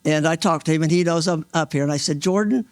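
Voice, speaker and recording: A mail carrier in his sixties recounting a rescue at an awards event in an earnest, halting way, restarting often and acting out what people said. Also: on the high side, little pitch movement, no room sound. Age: 60s. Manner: earnest, halting, with many restarts and re-enacted quotes. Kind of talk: emotional first-person storytelling. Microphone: stage microphone.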